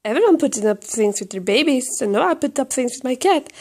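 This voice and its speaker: A hoarse woman with a Swedish accent, lying on her couch at home with a cold, chatting casually to the camera and baby-talking to her cat in a rambling, self-mocking way. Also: high-pitched, animated, brisk, few pauses, dark tone. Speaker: vlogger filming her cat.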